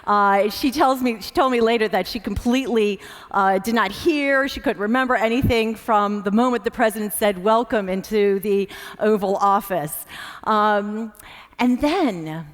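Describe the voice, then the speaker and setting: An American woman and former diplomat telling animated anecdotes in a talk on stage, with many fillers. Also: medium pitch, moderate pace. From United States. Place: large event stage. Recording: long reverb of a large hall.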